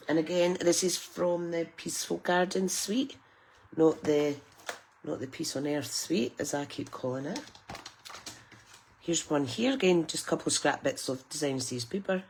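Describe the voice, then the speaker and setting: A woman's voice: low-pitched, darkish tone. A middle-aged woman from the UK, chatting and laughing with viewers while demonstrating card making on a live stream. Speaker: craft demonstrator. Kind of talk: chatty live craft tutorial.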